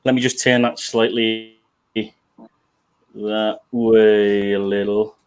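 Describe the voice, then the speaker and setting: A man's voice: lowish voice, level tone, takes it slowly, clear, resonant tone. A British man hosting a casual livestream show, chatting and swearing while he fixes his webcam setup. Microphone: webcam setup at a desk.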